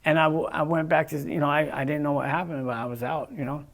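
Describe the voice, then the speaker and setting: Gravelly guy telling his testimony, kinda high for a dude, keeps saying you know. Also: fairly even intonation, fast talker. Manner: earnest storytelling with frequent "you know" and restarts. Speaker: guest sharing a testimony. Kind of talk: casual spoken testimony.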